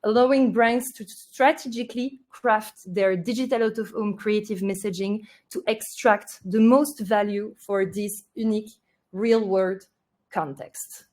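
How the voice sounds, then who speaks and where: A woman presenting a marketing webinar, delivering points in a steady, list-like way. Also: mid-range voice, a little slow. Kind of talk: presenting a webinar, partly read.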